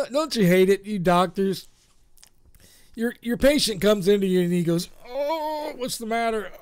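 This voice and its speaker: A man's voice: sits high, normal speed, a little mellow, clear, resonant tone. A man hosting a live internet radio show, chatting casually and rambling with lots of fillers and self-mocking asides.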